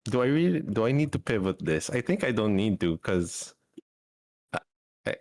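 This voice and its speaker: A man's voice: on the low side, big pitch swings, moderate pace, a little mellow, no echo, studio quality. A man role-playing as a player in a tabletop game, flustered, giggly and stammering.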